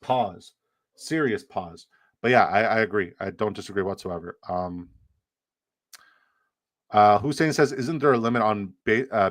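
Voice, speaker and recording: A man's voice: lowish voice, dry recording, clean studio sound. A man hosting a fantasy football livestream, chatting casually, joking around and reading chat messages aloud. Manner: playful, reads chat aloud, jokey hype. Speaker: livestream host.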